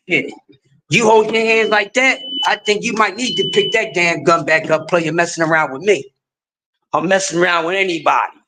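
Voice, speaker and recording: A man's voice: sits high, slight background noise. Fired-up man ranting on a livestream. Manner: emphatic, preachy, swings between shouting and quiet. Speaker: livestream host. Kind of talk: impassioned livestream rant.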